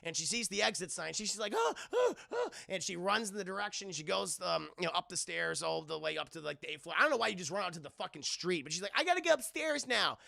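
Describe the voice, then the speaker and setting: A man's voice: sits high, fast talker, vocal fry, few pauses, sharp tone, no echo. A young man streamer casually recapping a horror film for his chat, rambling with lots of fillers and swearing. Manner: rambling, hesitant, swears often. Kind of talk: casual profane movie recap.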